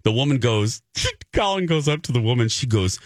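A man's voice: mid-range voice, normal speed, no echo, studio quality. A man hosting a morning radio show, telling a story animatedly and acting out the voices of the people in it. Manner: lively, acts out voices in his anecdotes. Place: radio studio. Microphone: studio microphone.

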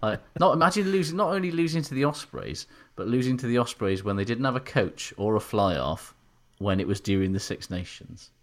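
A man's voice: mid-range voice, lively intonation, a little fast, few pauses. A man co-hosting a podcast, talking in a wry, rambling way and laughing often. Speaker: podcast co-host. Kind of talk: casual banter.

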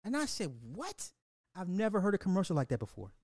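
A man hosting a podcast, ranting about social topics to his audience in a profane, animated way, often repeating and restarting words and laughing at his own points. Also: sits high, a little fast, no echo, clean studio sound. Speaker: podcast host. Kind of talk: live-stream social commentary rant.

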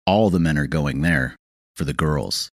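Casting: awkward, nervous middle-aged Western man, very low voice, dry close sound, read by the narrator. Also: measured pace, no echo, full character voice.

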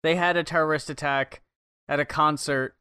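Smooth-voiced sarcastic man on a podcast. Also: on the high side, steady tone, moderate pace, sharp tone, no room sound, studio quality. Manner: sarcastic, analytical. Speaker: podcast co-host. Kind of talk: casual chat.

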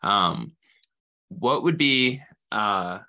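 A man's voice: on the low side, expressive, extremely slow, pushed and bright, muffled recording. A man hosting a podcast, asking hesitant questions with fillers. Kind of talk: interview questions.

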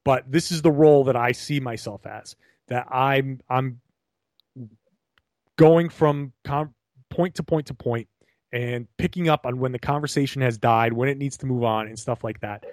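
A man's voice: medium pitch, normal speed, a little mellow, dry recording, studio quality. A man co-hosting a podcast, talking animatedly in long rambling turns with many restarts, joining remotely. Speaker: podcast co-host. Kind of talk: casual podcast conversation. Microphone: remote call.

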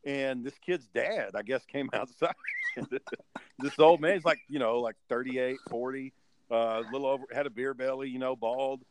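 A man appearing as a guest tells a rowdy story in casual chat, swearing freely and acting out what people said with animated quotes. His voice is medium-pitched at a moderate pace, with slight background noise.

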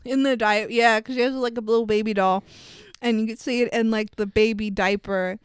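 A woman co-hosting a podcast, casually recapping a movie in an animated, profane way that is full of laughs. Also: fairly high pitch, brisk, clear, resonant tone, no room sound. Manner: animated, profane, laughs often, acts out quotes. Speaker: podcast co-host.

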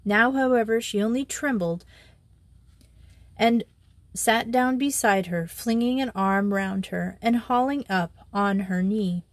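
A woman reads a classic children's storybook aloud in a measured, even manner. Her voice sits at a middle pitch. The recording is dry and close, with no room sound. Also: no echo. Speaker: audiobook reader. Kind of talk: scripted storybook narration.

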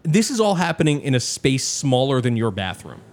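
A man's voice: medium pitch, normal speed. Young guy telling a wild story, voice jumps all over, cusses a lot, acts out what people said. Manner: animated, profane storyteller who acts out other people's lines. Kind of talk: casual storytelling chat.

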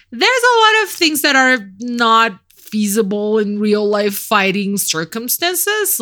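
Woman from brazil rambling about a movie on a podcast, bright voice, loose and swears a lot. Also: mid-range voice. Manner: animated, rambling, swears casually, laughs often. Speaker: podcast co-host. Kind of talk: casual movie review chat.

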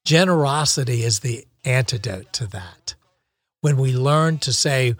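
Male podcast co-host, mid-pitched, reflective and encouraging, dry close sound. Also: animated, a little slow, breathy edge, dry recording. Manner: reflective, encouraging, with frequent restarts. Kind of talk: casual podcast chat.

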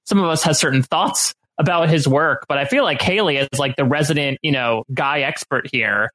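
A man hosting a casual podcast, introducing the episode in a playful, quick way. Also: a little high, pushed and bright, rough recording. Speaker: podcast host.

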